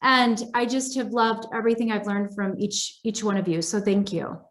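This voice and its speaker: A woman's voice: mid-range voice, steady tone, normal speed. A woman who just graduated from a speaking course, thanking her classmates earnestly over a video call. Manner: earnest and grateful. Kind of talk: reflective thank-you remarks.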